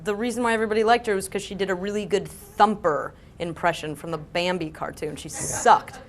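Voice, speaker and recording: A woman's voice: medium pitch, a little fast. Laughing woman telling a story. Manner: laughing, relaxed delivery. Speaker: celebrity game show contestant. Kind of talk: casual anecdote telling.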